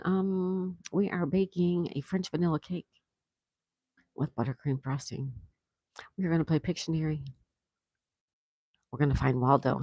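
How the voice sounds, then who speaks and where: A woman's voice: deep voice, fairly even intonation, normal speed, long pauses, warm tone, no echo. A woman hosting a casual livestream outdoors, chatty and affectionate, reading viewer comments aloud. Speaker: livestream host.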